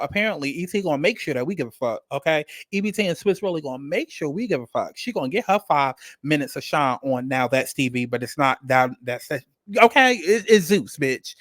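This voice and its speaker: A man in a loose, animated vlog rant about reality TV, swearing freely and circling back over his points. His voice sits a little high for a man and sounds close and dry, with no room around it. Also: dry recording. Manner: animated, profane, repetitive, rambling. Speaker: reality TV reviewer. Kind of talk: casual commentary rant.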